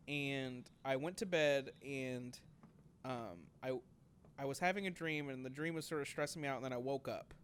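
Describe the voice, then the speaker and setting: A man's voice: medium pitch, a little hiss or hum. A young man telling a story in casual podcast chat, rambling with many fillers and acting out quotes. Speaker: podcast co-host.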